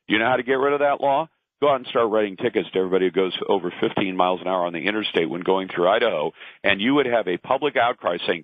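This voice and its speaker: Emphatic man, low voice on a phone line. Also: fast, no room sound. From Pacific Northwest, lives in Portland. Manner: emphatic, argumentative, acts out quoted voices. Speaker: radio talk host, guest. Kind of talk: opinionated talk radio commentary. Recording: dry, tinny phone line.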